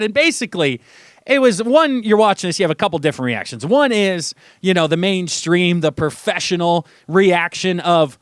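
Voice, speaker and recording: High-voiced animated sports radio man. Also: normal speed, clean tone, no echo, studio quality. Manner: animated, mocking, acts out quotes in a high voice. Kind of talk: casual sports talk monologue. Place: radio studio.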